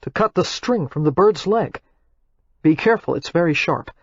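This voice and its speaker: A woman's voice: on the low side, lively intonation, normal speed, husky, no room sound, dull audio. A woman narrator voicing a curt, impatient young male entrepreneur with dry sarcasm, in an audiobook. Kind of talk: audiobook character reading.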